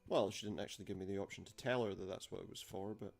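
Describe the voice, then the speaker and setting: Wry, low-voiced gaming man. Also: steady tone, very fast, creaky, a little mellow. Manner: dry, wry remarks on the game. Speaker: let's play gamer. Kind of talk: casual gameplay commentary.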